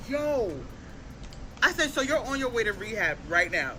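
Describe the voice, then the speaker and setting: A woman telling a dating story, animated, acting out both sides of the conversation. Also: mid-range voice, moderate pace, very noisy. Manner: animated, quoting others in exaggerated voices. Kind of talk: storytime vlog.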